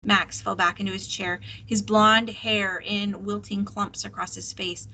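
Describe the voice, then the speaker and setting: A woman teacher reading a novel aloud, steady and expressive. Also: mid-range voice, unhurried, rough recording.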